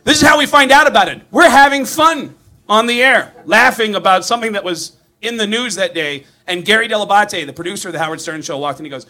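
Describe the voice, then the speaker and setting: Brief: high-voiced, punchy male comic, laughing, profane storyteller. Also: fast talker. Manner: animated, laughing through his words, profane. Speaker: comedian. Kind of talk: comedic storytelling.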